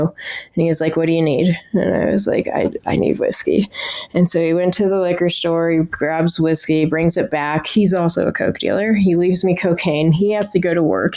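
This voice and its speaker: A woman's voice: lowish voice, darkish tone. Blunt, swearing young woman recounting recovery. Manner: blunt, swears freely, filler-heavy. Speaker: podcast guest. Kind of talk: candid recovery storytelling.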